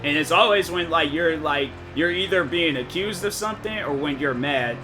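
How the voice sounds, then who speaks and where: A man's voice: fairly high pitch, normal speed. A man streaming and chatting casually, rambling with lots of filler words and restarted sentences. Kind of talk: casual chat on a live stream. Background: game music.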